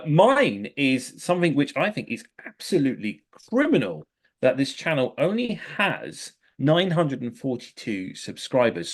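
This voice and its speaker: A man co-hosting a casual podcast, chatty and full of fillers and restarts. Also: mid-range voice. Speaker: co-host. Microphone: headphones, remote call.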